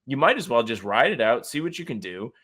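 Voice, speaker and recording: A young man co-hosting a sports podcast, talking in a relaxed, opinionated, rambling way. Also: medium pitch, a little fast, slightly rough. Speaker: podcast co-host. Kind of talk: casual podcast chat.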